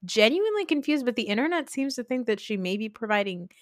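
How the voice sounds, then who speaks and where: A woman hosting a podcast, chatting casually and expressively with quick asides. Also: fairly high pitch, sing-song, no room sound, studio quality. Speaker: podcast host. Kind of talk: casual chat.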